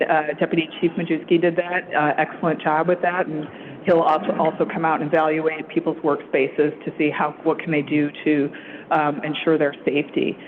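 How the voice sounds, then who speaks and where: A woman giving a staff report at a council retreat, halting, with many fillers and restarts. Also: sits low, slight background noise. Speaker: city staff presenter. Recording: phone-like, narrow sound.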